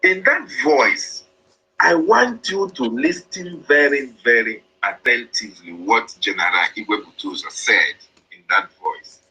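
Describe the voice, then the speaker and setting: A Nigerian-accented man on a political online broadcast delivers an impassioned monologue, repeating and stressing his points as he denounces opponents. His husky, sharp voice sits at medium pitch with lively intonation and a measured pace, and the audio is poor.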